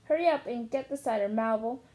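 Woman reading as a bossy farmer's wife, loud calling, mellow tone. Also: high voice, takes it slowly.

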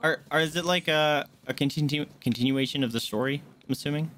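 Excitable young male game streamer. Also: fairly high pitch, fast, slight background noise. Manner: excitable, swears, jumps between hushed and loud. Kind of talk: casual gameplay commentary.

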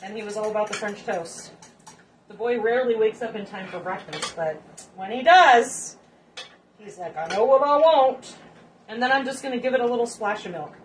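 A woman's voice: medium pitch, brisk. A woman hosting a casual home cooking demonstration in her kitchen, chatty and rambling with joking asides to viewers. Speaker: cooking show host. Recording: distant mic with faint background noise.

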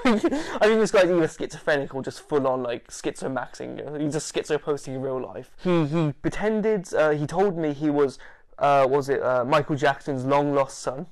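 A man, an interview guest, telling stories casually, animated, laughing and swearing. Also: a little high, moderate pace. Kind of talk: casual storytelling.

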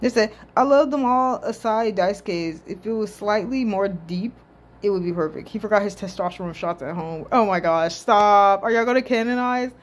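A woman hosting a casual reaction video. She talks in an animated way, swears freely and laughs often. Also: medium pitch, normal speed.

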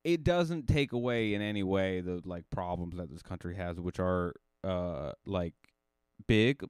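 A man hosting a casual solo podcast, telling a rambling story full of restarts and sudden rises in pitch. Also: smooth, no echo. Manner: rambling, self-correcting storyteller with lively jumps in pitch. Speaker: podcast host.

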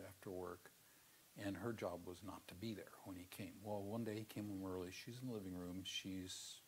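Middle-aged male seminary lecturer, slightly low voice, earnest storyteller with sudden loud emphasis. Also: a little hiss or hum. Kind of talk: classroom theology lecture with personal storytelling.

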